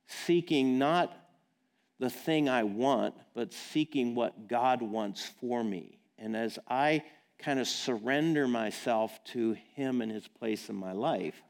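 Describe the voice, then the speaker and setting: A man delivers a sermon in a relaxed, conversational tone, speaking plainly and checking in with his listeners through quick questions. His mid-range voice carries a noticeable gravelly fry. He talks like a pastor chatting with his congregation rather than reading from a text. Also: mid-range voice. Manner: casual and direct, plain-spoken with rhetorical questions.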